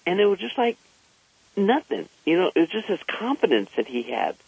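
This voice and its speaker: Man, storyteller, slow and gravelly, husky, dry lo-fi recording. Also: high-pitched, big pitch swings, darkish tone, no echo. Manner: slow, unhurried and conversational. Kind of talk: personal storytelling. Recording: slightly dull lo-fi recording.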